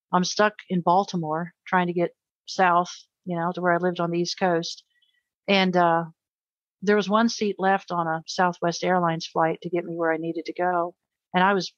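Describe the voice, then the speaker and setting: Middle-aged woman, interview guest, lowish voice, earnest heartfelt storytelling, dry dull call audio. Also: no room sound. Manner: earnest, emotional storytelling with repetitions.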